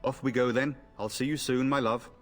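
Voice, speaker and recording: An actor playing a confident, teasing young noble son in a fantasy game. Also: male voice, mid-range voice, steady tone, a little fast, faint music behind, close to an everyday voice. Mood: jaunty. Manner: jaunty, teasing, bold. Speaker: game character.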